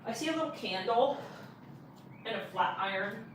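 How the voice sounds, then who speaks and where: A woman's voice: on the high side, animated, moderate pace, a little hiss or hum. A young woman doing a casual live tarot reading, rambling and blunt, full of filler words and swearing. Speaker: tarot reader.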